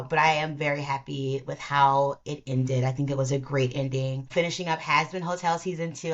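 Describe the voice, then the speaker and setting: Low-voiced lady rambling through a casual podcast chat, keeps cutting herself off, kinda dull lo-fi sound. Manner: chatty and rambling, self-interrupting. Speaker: podcast host. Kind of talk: casual solo commentary. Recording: slightly dull lo-fi recording.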